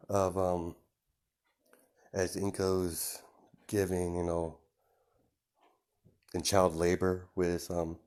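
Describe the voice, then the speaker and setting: A man's voice: low voice, darkish tone. A man improvising a fan story, rambling with many fillers and restarts.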